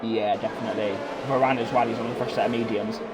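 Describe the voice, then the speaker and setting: A man commentating live on an online racing league, chatting with his co-commentator and getting excited at big moments. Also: quick pace, over music. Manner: excitable, gets loud and high at restarts. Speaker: race commentator.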